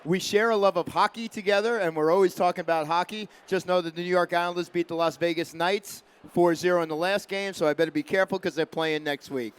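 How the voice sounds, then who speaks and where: A middle-aged man hosting a live stage show at a trade convention, introducing a speaker in an energetic, chatty way. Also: high voice, a little fast, hardly any pauses, smooth. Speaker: host.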